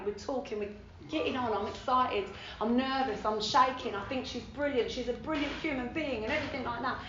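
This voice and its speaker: A woman with a London accent tells her recovery story at a meeting in a frank, animated way, swearing freely and acting out the voices of the people in it. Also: fairly high pitch, reverberant, highs cut off, noisy background. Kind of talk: personal recovery testimony at a meeting. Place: meeting hall.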